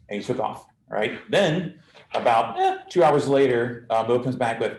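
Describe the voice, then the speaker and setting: A squadron commander speaks to his officers candidly and bluntly, in a casual way full of military jargon and fillers. His medium-pitched voice is expressive and moves at normal speed. The recording is rough and reverberant.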